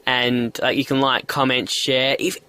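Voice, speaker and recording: Very low-voiced woman with a mild Australian accent. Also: unhurried, clear, resonant tone, no echo. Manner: relaxed, laughs easily. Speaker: interviewer. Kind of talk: casual interview chat.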